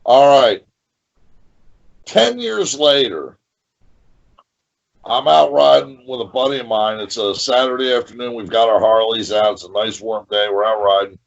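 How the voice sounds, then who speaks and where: A man, a professional wrestler, telling a lively story in a podcast interview and repeating phrases as he goes. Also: medium pitch, a little slow, creaky, pauses often, lo-fi sound.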